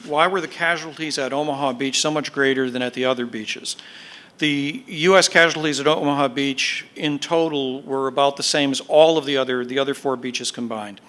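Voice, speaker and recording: A man giving a history lecture to an audience, explaining in a measured way with fillers and emphatic stresses. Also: mid-range voice, a bit bright. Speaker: guest speaker, military historian. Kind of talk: podcast lecture.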